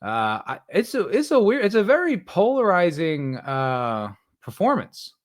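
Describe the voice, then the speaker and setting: A man's voice: high-pitched, wildly swooping pitch, unhurried. A man hosting his own podcast, giving casual solo commentary in a sarcastic, rambling way, often mocking quoted voices. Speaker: podcast host.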